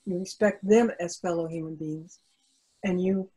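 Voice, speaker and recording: A woman's voice: lowish voice, fairly even intonation, normal speed, mellow, slightly rough, poor audio. An older woman author answering interview questions over a video call, talking in an earnest, reflective way with frequent restarts.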